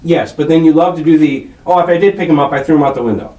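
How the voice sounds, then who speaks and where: A man's voice: a little high, fast, dark tone. Confrontational male detective in echoey room. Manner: confrontational, swearing, accusing. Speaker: police detective interrogating a suspect. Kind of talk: police interrogation. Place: interrogation room. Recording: echoey room picked up from far off.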